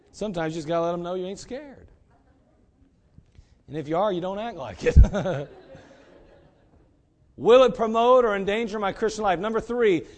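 A man's voice: high voice, a little mellow. A middle-aged male pastor preaching a sermon in a folksy way, with joking asides and repeated rhetorical questions.

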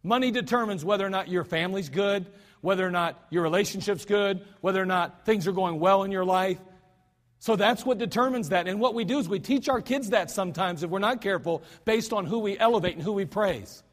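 High-voiced American man preaching in a hall. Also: brisk. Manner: folksy, self-deprecating preaching with asides. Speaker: pastor. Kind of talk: sermon. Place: church sanctuary. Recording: hall reverb.

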